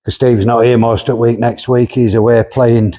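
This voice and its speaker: A man who owns a car workshop banters through a vlog walkaround of the cars, blunt, laughing a lot, and full of jokes. His medium-pitched voice is dark and level, at normal speed.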